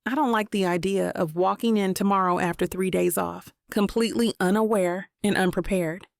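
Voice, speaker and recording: A woman narrating a first-person romance audiobook in a measured, even way. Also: medium pitch, gravelly, no echo, studio quality.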